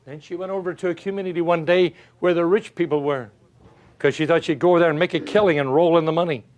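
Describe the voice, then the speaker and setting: Speaking at a quick pace in a slightly high voice, this older motivational speaker tells homespun stories with lively energy. He laughs as he goes and keeps asking the crowd questions he doesn't expect them to answer.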